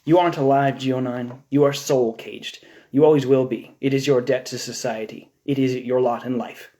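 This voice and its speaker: A man reading aloud as a cold, unseen interrogator who speaks in a flat, clinical and insistent way. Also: mid-range voice, moderate pace, close to an everyday voice. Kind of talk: live audiobook reading.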